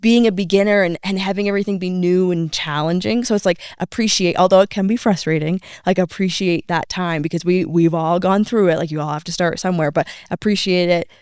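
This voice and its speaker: A woman, a snowmobile riding instructor, talking in casual podcast chat with an enthusiastic, animated manner. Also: lowish voice, a little fast, few pauses, clear, resonant tone, no room sound, studio quality. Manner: enthusiastic, animated when quoting students.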